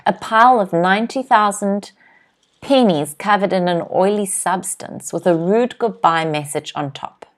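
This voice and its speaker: A young woman with a mid-range voice teaches English in a live web lesson. She voices viewer comments with a light laugh, and she pronounces new words slowly and clearly, one by one, repeatedly checking "okay?"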